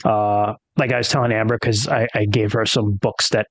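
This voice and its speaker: Rambling game master from upstate New York. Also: male voice, on the low side, steady tone, normal speed, creaky, dry recording. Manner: rambling, lots of "like" fillers. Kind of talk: casual tabletop stream chat.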